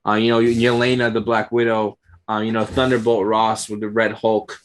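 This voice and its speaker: A man's voice: lowish voice, flat delivery, moderate pace. A man co-hosting a casual chat, speaking steadily and measuredly with lots of fillers. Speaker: podcast co-host.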